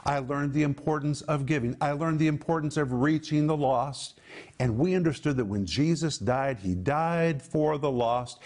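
Middle-aged male pastor, higher register, emphatic preaching with stressed repetition. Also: a little mellow. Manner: emphatic, repeating words for stress. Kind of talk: sermon.

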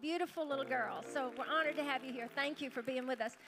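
Woman pastor, very high voice, chatty, music playing behind. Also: fast talker. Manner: chatty, warm-hearted, calls out to the crowd. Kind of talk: welcoming the congregation from the pulpit. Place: church service.

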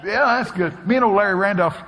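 A man preaching a sermon, telling stories with animated delivery and shouting his punchlines. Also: sits high, fast. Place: church sanctuary. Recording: long hall reverb.

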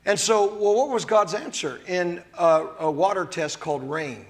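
A man preaching a sermon at a church service, exuberant and loud at times, then dropping to a hushed, tender voice. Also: high-pitched, normal speed. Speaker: pastor.

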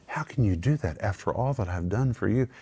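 A man's voice: fairly low pitch, lively intonation, fairly quick, mellow, slightly rough, heavily acted. A man voicing a wounded, pleading spirit. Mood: hurt pleading. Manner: incredulous, pleading questions.

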